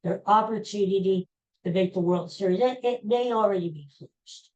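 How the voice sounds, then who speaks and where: A woman's voice: mid-range voice, normal speed, a little mellow, dull audio. A woman hosting a podcast, delivering an exasperated, sarcastic solo sports rant. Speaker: podcast host.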